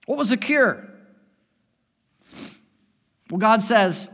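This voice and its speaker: A man preaching a sermon as pastor, building loud and emphatic and then dropping to a hushed tone. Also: high-pitched, expressive, measured pace. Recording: long hall reverb.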